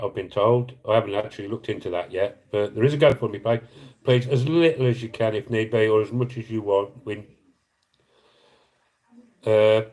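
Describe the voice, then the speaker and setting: A man's voice: medium pitch, a little mellow, rough recording. A middle-aged man on a casual live stream, earnestly and emotionally appealing for donations, rambling and apologising as he reads comments.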